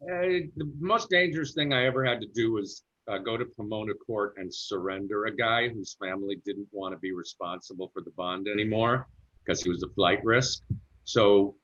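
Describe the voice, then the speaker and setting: A man's voice: on the low side, normal speed, fairly bright tone. A middle-aged man telling a story from his acting career in an interview, chatty and anecdotal. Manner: chatty anecdotal storyteller who slips into character voices for quotes. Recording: muffled lo-fi sound.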